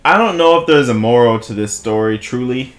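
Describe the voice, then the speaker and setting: A man's voice: mid-range voice, a little fast. A young man vlogging a long, casual story, laughing a lot, swearing freely and acting out what people said. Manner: animated, laughing, profane storytelling with voiced quotes.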